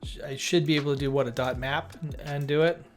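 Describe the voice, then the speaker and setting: A man's voice: a little high, fairly even intonation, fast, soft background music. A man hosting a live coding stream, thinking aloud as he works, muttering to himself and tossing off jokey asides.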